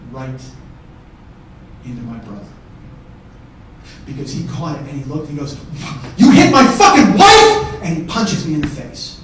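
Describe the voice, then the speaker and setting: A comedian telling a story on a theater stage, profane, swinging from shouting to hushed. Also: male voice, medium pitch, normal speed, pauses often, a little hiss or hum. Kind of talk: stand-up storytelling. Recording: echoey theater from far off.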